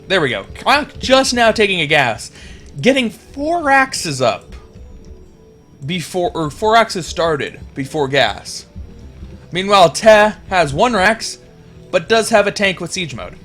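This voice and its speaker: A young man casting a video game match, rambling and chatty, getting excited at big plays. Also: sits high. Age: young adult. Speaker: game caster. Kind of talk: casual esports commentary.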